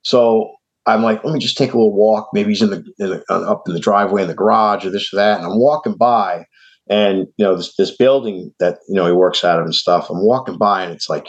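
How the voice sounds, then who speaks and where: Dull, lo-fi podcast audio carries a New York man with a New York accent telling a long story casually as host. He gets animated, impersonating the story's characters by lifting his pitch for what they said.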